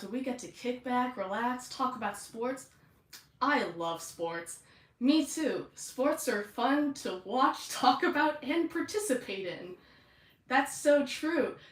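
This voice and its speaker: A woman's voice: high voice, echoey room, pitched above the performer's own voice. A woman voicing two male merfolk police officers, tough bros who talk earnestly and cheerfully support each other. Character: two sweet, mutually admiring bro mer-police officers.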